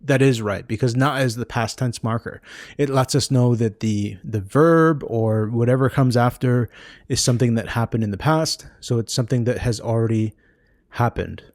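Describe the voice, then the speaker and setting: A man's voice: medium pitch, normal speed, a little mellow, no echo, studio quality. A man patiently walking through a language-learning website, explaining each exercise as he clicks. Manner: patient, explanatory, thinking aloud while clicking. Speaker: language course creator. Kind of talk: screen-recorded website walkthrough.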